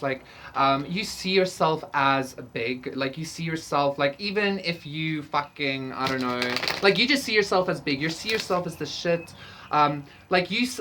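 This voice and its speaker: A tarot reader with a low-pitched, fairly bright voice gives a casual pick-a-card reading, recorded with a little hiss or hum. She rambles with lots of fillers, swears freely and laughs often.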